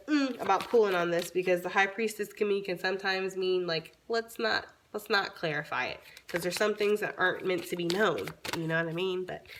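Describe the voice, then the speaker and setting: A woman doing a casual tarot reading for her viewers, chatty and informal, swearing freely, her voice a little raspy from long talking. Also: mid-range voice, fairly bright tone, a little hiss or hum. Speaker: tarot reader.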